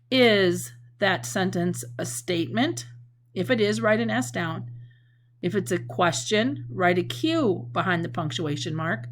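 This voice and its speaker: A woman teacher talks through a lesson in a patient, clear way, her voice sitting at a middle pitch. She is recorded with a faint hiss of noise behind her. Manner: clear, patient explaining with expressive example sentences.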